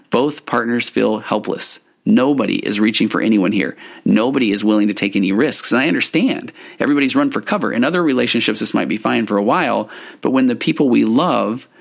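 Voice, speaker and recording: A middle-aged man, a couples therapist, explaining in a relaxed talk and acting out what spouses say to each other, often repeating words as he goes. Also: medium pitch, vocal fry.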